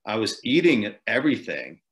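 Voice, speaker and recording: A very animated man with a fairly low, slightly bright voice speaks at a moderate pace as a podcast guest. An ultrarunner, he recounts a long race in a casual storytelling interview, rambling loosely with lots of chuckles and fillers.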